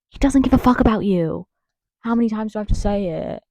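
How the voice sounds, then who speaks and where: A woman's voice: on the high side, a little fast, darkish tone, dry recording. A woman ranting to camera in a heated, sarcastic way, swearing often. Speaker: vlogger. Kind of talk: profane political rant to camera.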